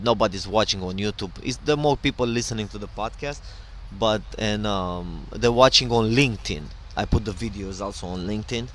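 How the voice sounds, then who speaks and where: Middle-aged male podcast host, lowish voice, rambling casual monologue, faint background noise. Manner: rambling, loose and digressive with many fillers.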